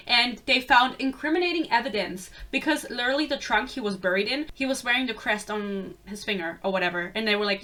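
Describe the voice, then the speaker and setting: A young woman talks through a book in a loose, rambling rant, sarcastic and quick to swear. Her voice sits a little high and sounds bright and sharp. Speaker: book reviewer.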